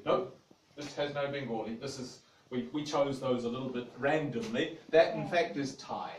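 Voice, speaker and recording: A man explaining exhibits as a museum guide on a tour, talking with pauses, fillers and emphatic stresses. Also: mid-range voice. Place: large indoor exhibition hall. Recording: echoey hall, far from mic, noisy.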